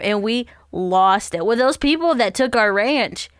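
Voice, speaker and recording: A woman's voice: on the high side, lively intonation, measured pace, noisy background. A young woman co-hosting a podcast, playful and teasing, laughing often. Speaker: podcast co-host. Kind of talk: casual chat.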